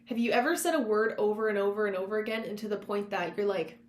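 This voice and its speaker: A woman's voice: mid-range voice, quick pace. A woman hosting a self-help podcast, talking in an encouraging, conversational coaching manner, drawing on her past work as a counselor. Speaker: podcast host; former counselor. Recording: roomy echo with faint hum.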